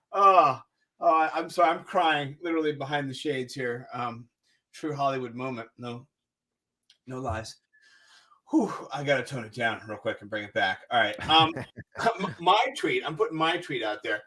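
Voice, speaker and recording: A man co-hosting a live-stream chat show, animated and giggly as he talks over the clips he plays. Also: medium pitch, moderate pace. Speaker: podcast co-host.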